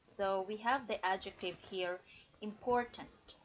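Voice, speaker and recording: Slow-paced woman teaching grammar. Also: mid-range voice, fairly even intonation, lo-fi sound, a little hiss or hum. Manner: slow, explanatory, checks in with "okay?". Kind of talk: livestreamed grammar lesson.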